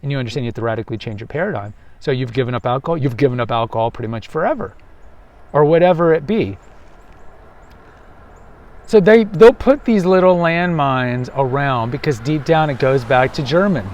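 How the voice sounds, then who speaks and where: A man's voice: mid-range voice, darkish tone, muffled recording. A man with a Texan accent hosting a podcast, talking emphatically outdoors on a walk and often restarting his phrases. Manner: emphatic, self-correcting, acts out quoted voices. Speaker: podcast host. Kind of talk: outdoor monologue. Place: outdoors on a waterfront path.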